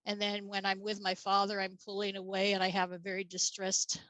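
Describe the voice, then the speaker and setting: Female interview guest, matter-of-fact storyteller, medium pitch, dry recording. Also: completely flat delivery, fairly quick, fairly bright tone, no room sound, low-quality recording. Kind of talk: casual interview talk.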